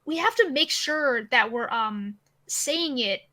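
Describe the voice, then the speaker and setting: Bright-voiced chatty woman. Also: high-pitched, slow pace. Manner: animated, rambling, swears freely. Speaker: podcast guest. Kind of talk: casual chat.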